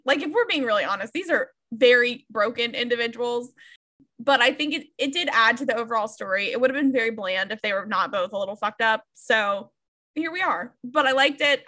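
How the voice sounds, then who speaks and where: A woman's voice: a little high, pushed and bright. A young woman co-hosting a podcast, chatting candidly about a book, laughing often and swearing freely. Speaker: podcast co-host. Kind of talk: casual book chat.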